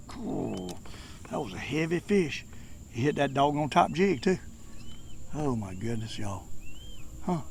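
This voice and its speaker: An older man with a Southern US accent, chatting casually to the camera while fishing from a boat, folksy and prone to excited exclamations. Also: mid-range voice, a little slow, creaky, pauses often. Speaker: fishing vlogger. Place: outdoors on a boat on a lake. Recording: outdoor background noise on a lake.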